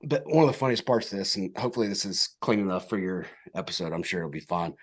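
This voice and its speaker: A young man, a podcast guest telling a story in casual chat, animated and acting out quotes. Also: fast, breathy edge. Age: young adult. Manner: animated storyteller, acts out quotes in high voices.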